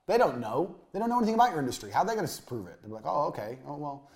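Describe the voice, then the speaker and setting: A man teaching a motivational business course. He talks bluntly, swears, repeats his points for emphasis and lets phrases sink to a low, trailing finish. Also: big pitch swings, rapid-fire, a little mellow. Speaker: course instructor.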